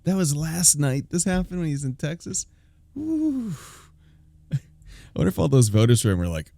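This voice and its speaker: A man's voice: fairly high pitch, sing-song, moderate pace, gravelly, long pauses, dark tone, no room sound. A man live-streaming a reaction, incredulous, laughing often and swearing.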